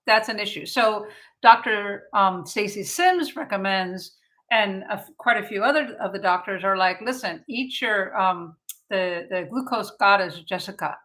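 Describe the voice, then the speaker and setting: A bright, forceful woman in her fifties hosts a casual live-stream health chat. She talks in an animated, chatty way, full of fillers, and often acts out her own thoughts. Her voice sits at a middle pitch. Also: normal speed, rough recording. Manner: chatty and animated, with many fillers and quoted self-talk. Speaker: naturopathic doctor and show host.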